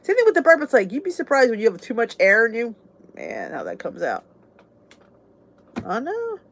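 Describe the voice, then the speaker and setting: Casting: middle-aged woman vlog host, chatty and candid, animated pitch swings. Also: moderate pace. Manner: chatty and candid, laughs often, oversharing. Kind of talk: casual chat with viewers.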